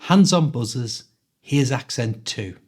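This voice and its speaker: A man with a mild Liverpool Scouse accent, hosting an accent quiz in a clear, teacherly way. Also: mid-range voice, lively intonation, slow pace, a little hiss or hum. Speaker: podcast host, English teacher. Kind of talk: quiz host, scripted podcast.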